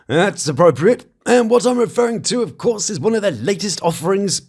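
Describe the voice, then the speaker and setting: Male commentator, snarky and dry, slightly high, very animated delivery. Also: a little fast. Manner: mocking, dry asides with sudden pitch jumps. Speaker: commentary channel host. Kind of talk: sarcastic reality TV commentary.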